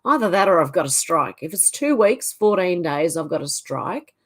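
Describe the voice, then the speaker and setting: A woman's voice: lowish voice, very animated, moderate pace. A woman with an Australian accent hosts a livestream and reads viewer comments aloud, answering them in a casual, chatty way. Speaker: livestream host.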